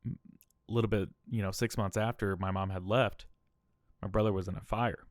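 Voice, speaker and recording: Low-voiced man telling a personal story. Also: steady tone, moderate pace, no room sound, clean studio sound. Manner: candid, emotional, often adds "all right?". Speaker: podcast host.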